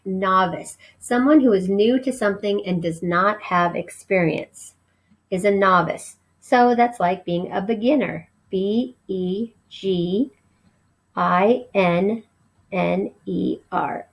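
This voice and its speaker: Slow, gravelly woman teacher spelling words. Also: mid-range voice, rough recording. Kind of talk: recorded vocabulary lesson.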